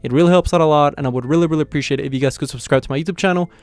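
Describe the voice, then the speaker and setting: A young man hosts his own anime reaction channel, casually recapping and reviewing an episode. His voice is on the high side and racing, captured in a dry recording. He rambles with plenty of filler words and chuckles often.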